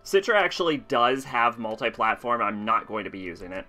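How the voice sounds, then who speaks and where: A man's voice: medium pitch, a little fast, few pauses, pushed and bright, faint music behind. A man streaming a game, talking casually and rambling with frequent laughs. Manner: chatty, rambling, laughs often. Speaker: let's play streamer.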